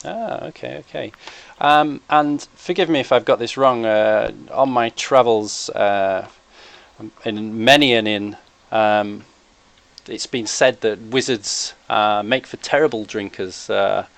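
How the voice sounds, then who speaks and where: A man's voice: on the low side, slow pace, a bit bright. A man playing a character in a tabletop role-playing game, talking hesitantly with many fillers. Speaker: player.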